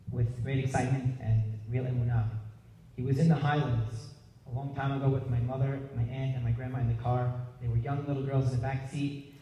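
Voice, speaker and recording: A young man giving an earnest, heartfelt memorial speech for his grandfather, often clearing his throat. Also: medium pitch, dark tone. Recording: echoey hall from far off, faint hiss.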